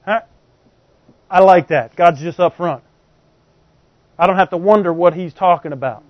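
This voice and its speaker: A man with a high, bright-pitched voice delivers a sermon, talking to his congregation like a friend and peppering it with rhetorical questions. The recording is dry and somewhat dull, with little room sound. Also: moderate pace, no echo. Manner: conversational, poses frequent rhetorical questions to the congregation. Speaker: preacher.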